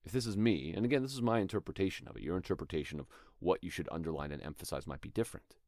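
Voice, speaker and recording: A man with a very low, deep voice talks through acting technique in a relaxed, thoughtful way. He sounds like a podcast host teaching his listeners, and now and then he reads a line aloud as an example. The sound is dry and close, with no room around it. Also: racing, dry recording. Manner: thoughtful, conversational, demonstrates lines aloud. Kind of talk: instructional talk.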